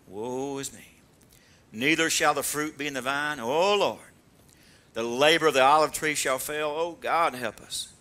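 A man preaching a sermon, animated, acting out mocking dialogue and calling for amens. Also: fairly high pitch. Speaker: pastor.

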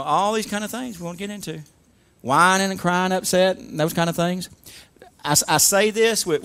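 A man preaching a sermon, leading the congregation in call-and-response with emphatic, rising delivery. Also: high voice. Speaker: pastor.

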